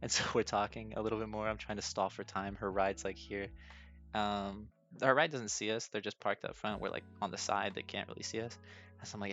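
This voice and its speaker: A man's voice: lowish voice, little pitch movement, fairly quick, a bit bright. A young man hosting his own podcast, telling a personal story casually, nervous and self-deprecating, laughing often. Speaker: podcast host. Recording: dull lo-fi sound with faint music.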